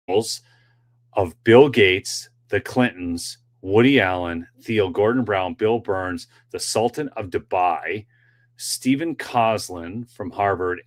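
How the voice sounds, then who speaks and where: A man hosting a political commentary livestream, chatting directly with his viewers in a loose, rambling way with many fillers. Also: fairly low pitch. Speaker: political commentary show host.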